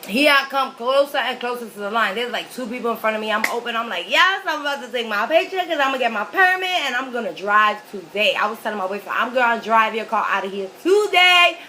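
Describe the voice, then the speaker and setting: Bright-voiced chatty woman vlogger. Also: fairly high pitch, lively intonation, fast talker, hardly any pauses, slight background noise, rough recording. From New York City. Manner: chatty, rambling, lots of fillers. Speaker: mukbang vlogger. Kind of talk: casual storytelling while eating.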